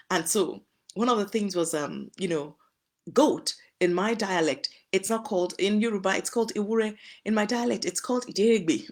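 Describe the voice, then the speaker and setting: A woman from Nigeria giving earnest, advising talk on friendship in marriage, using homely examples. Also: medium pitch. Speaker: host. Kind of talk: relationship talk to listeners.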